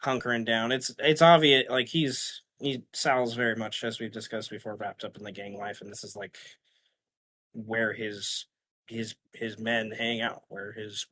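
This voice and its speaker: A man's voice: on the low side, little pitch movement, unhurried, pushed and bright. A man narrating a tabletop role-playing game as game master, rambling with many fillers and restarts.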